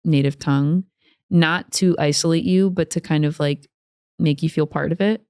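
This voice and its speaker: A woman with a lowish voice chats her way through a story on a podcast. She laughs often and slips into little voices for quoted lines. The sound is close and dry. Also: fairly even intonation, normal speed, darkish tone, smooth, dry recording. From United States. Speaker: podcast co-host. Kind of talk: casual podcast chat.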